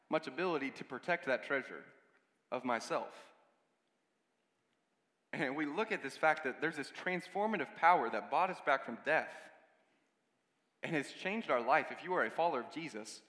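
A man's voice: mid-range voice, animated, moderate pace, long pauses, fairly bright tone. A man giving a conversational sermon, speaking to a congregation with casual asides and repeated words. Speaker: preacher. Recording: long hall reverb.

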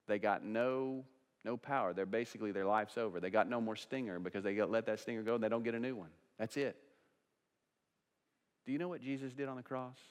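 Man, pastor, earnest sermon, long church-hall reverb. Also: lowish voice. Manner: earnest preaching, bursts into singing hymns.

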